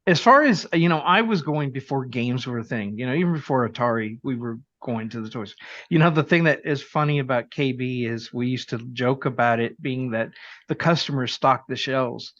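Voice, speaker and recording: A middle-aged man chatting on a podcast, telling lively anecdotes and acting out the dialogue of the people in them. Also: mid-range voice, normal speed, dry recording, highs cut off. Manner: lively anecdotal storyteller who acts out dialogue. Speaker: podcast co-host. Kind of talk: casual chat.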